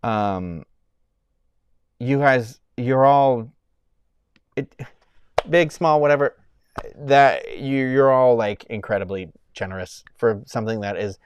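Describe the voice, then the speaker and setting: A man's voice: mid-range voice, smooth, dry recording. A man in his thirties chatting casually on a live stream, rambling and often breaking off mid-sentence as he thanks viewers. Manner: rambling, self-interrupting, thanking donors warmly.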